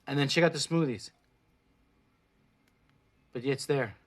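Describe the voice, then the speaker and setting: A man's voice: medium pitch, a little slow. A man in his forties whose first language is Spanish, chatting bluntly on a livestream and swearing freely as he gives pep-talk advice. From Mexico. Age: 40s. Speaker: plant-based food vlogger. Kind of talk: casual livestream chat. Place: indoors, live stream.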